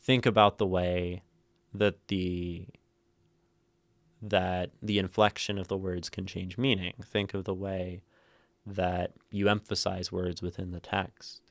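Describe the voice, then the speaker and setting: A man with a very deep voice hosts a casual livestream, talking through poems as he thinks aloud. He drifts through plenty of ums and rereads lines with shifting inflection. The sound is close and dry, with no room around it. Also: level tone, takes it slowly, no echo. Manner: musing, thinks aloud with many fillers. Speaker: livestream host analyzing poetry.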